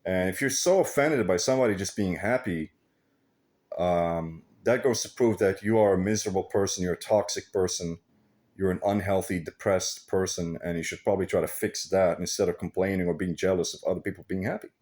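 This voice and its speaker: Low-voiced man in a rambling, profane monologue. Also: a little fast, a little mellow. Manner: rambling, profane, laughs often. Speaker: vlogger.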